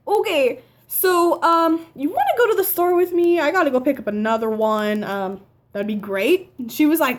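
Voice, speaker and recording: A nineteen-year-old woman telling a casual story at home, chatty and animated, quoting the people in her story. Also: sits high, normal speed. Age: teens. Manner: chatty, animated retelling with quoted dialogue. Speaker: vlogger. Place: home living room by a window.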